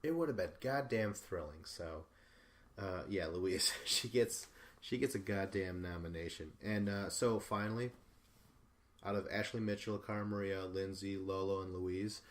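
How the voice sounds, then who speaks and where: A male podcast host talking alone in a loose, rambling recap, swearing freely and stumbling through fillers and restarts. His voice sits fairly low. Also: normal speed, slight background noise. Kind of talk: casual solo recap.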